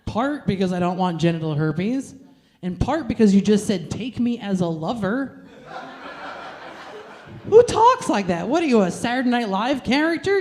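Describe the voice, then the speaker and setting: A woman's voice: medium pitch, lively intonation, normal speed, a little mellow. Brash, crude woman doing stand-up. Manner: brash, crude, self-mocking delivery. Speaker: stand-up comedian. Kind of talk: stand-up comedy set.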